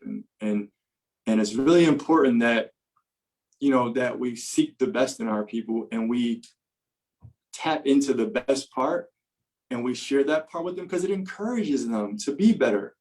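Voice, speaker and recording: A man's voice: mid-range voice, darkish tone, rough recording. Earnest man telling a long story. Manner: earnest storyteller, many fillers and restarts. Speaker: podcast guest. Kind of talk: personal testimony in conversation.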